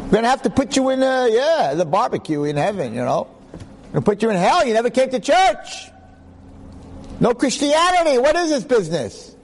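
A man voicing a scolding male heavenly judge in a high, loud, reproachful voice. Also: big pitch swings, brisk, a little hiss or hum.

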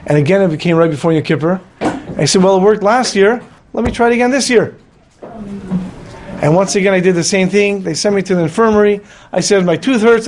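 A man's voice: high voice, a little hiss or hum. A man telling a story in a Torah class, acting out the voices of the people in it. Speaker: rabbi.

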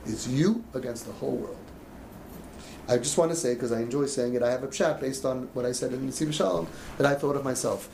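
A man's voice: medium pitch, a little fast, vocal fry, a little mellow, slight background noise. A man coaching a group of parents in an emotional talk, acting out the voices of parents and kids as he goes. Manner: passionate, acts out parents' and kids' voices. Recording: echoey room with faint ambience.

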